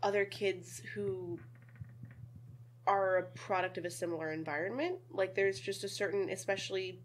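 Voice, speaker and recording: A young woman in casual conversation, animated, laughing often and swearing freely. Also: mid-range voice, moderate pace. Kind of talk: casual chat.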